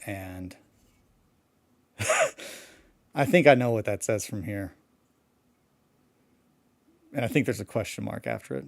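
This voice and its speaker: A man's voice: on the low side, lively intonation, slow, vocal fry, pauses often, no room sound. A man who has just woken up, rambling casually about his tabletop hobby, often breaking off and swearing freely. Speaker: hobby vlogger.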